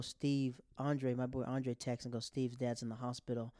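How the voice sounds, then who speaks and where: A man's voice: medium pitch, little pitch movement, warm tone, dry recording, studio quality. Man rambling through a grieving story. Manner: rambling, halting, with many restarts. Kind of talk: casual personal storytelling.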